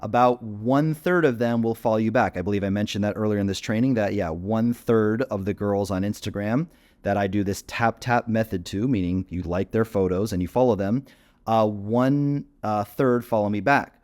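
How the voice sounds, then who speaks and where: A man's voice: on the low side, moderate pace, darkish tone. A man giving a screen-share tutorial as a dating coach, casual and full of fillers while he clicks through screens.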